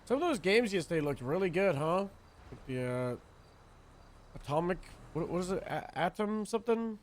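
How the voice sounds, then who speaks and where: A man's voice: high voice, big pitch swings, moderate pace, slight background noise. A man streaming a role-play game, chatting casually in a rambling, profane way. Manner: laid-back, rambling, profane.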